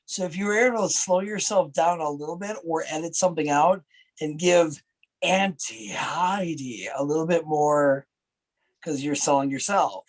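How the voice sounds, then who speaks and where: A man giving animated, casual critique on a wrestling promo over a video call, acting out examples. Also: on the high side, moderate pace, poor audio.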